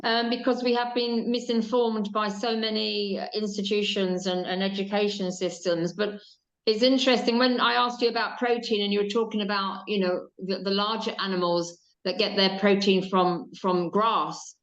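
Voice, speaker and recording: A woman's voice: medium pitch, steady tone, moderate pace, lo-fi sound. A woman hosting a casual chat, talking with chatty enthusiasm and repeating words as she goes. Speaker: host.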